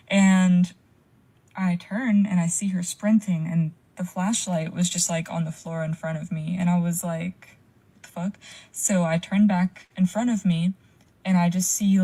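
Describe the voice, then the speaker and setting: With a mellow voice on the low side, a young caller recounts something scary that happened to her. Her telling is casual, packed with "like" fillers and curse words.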